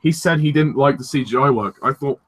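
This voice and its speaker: A man's voice: mid-range voice, brisk, breathy edge. A young man chatting casually as co-host of a film discussion, rambling and enthusiastic, with frank swearing.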